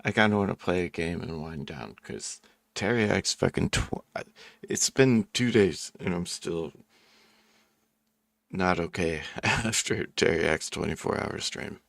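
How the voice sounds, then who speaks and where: A man's voice: low voice, lively intonation, unhurried, vocal fry, a bit bright, no echo. A man hosting a casual open panel stream, talking in a laid-back way and laughing often. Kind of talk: casual chat.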